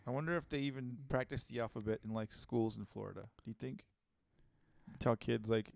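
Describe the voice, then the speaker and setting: A man's voice: mid-range voice, brisk, creaky, a little mellow, no echo. A man co-hosting a podcast in casual comedic chat, bantering, swearing and reading news loosely. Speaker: podcast co-host.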